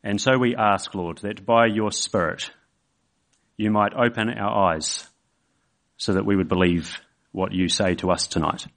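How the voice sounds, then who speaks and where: A man's voice: on the low side, a little slow, creaky, fairly bright tone. A man preaching a sermon in a church service, conversational, with fillers and restarts. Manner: acts out quoted voices in an illustration.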